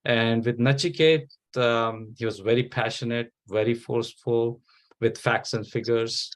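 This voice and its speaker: A man giving halting feedback as a debate judge over a video call. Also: mid-range voice, steady tone. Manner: halting, hesitant. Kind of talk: spoken feedback.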